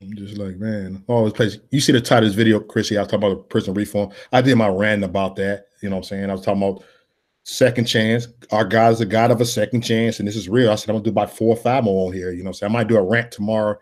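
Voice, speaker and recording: A man hosts a casual live chat, spinning blunt, slangy stories about family. He talks quickly in a husky, slightly rough voice. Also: lowish voice, steady tone, darkish tone. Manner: blunt, streetwise storytelling with slang. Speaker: host of a live chat stream.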